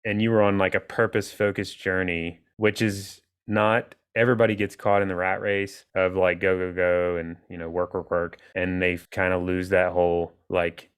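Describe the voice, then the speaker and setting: Male podcast host, relaxed and affirming, very low smooth voice. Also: moderate pace, hardly any pauses. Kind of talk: conversational interview.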